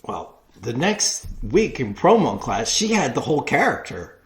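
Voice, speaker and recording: A man, a wrestling promo class coach, telling stories in an interview, animated and full of restarts. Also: medium pitch, a little slow. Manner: animated storyteller with many restarts. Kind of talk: storytelling interview.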